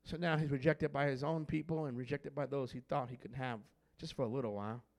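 A male pastor preaching a sermon, filling his pauses with "uh" and swinging from hushed tones to shouting. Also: mid-range voice, steady tone, gravelly.

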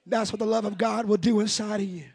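A man preaching a sermon in a very high, gravelly voice with a husky edge. He climbs to shouted climaxes, then sinks into a hushed, pleading tone. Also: fairly even intonation, fast.

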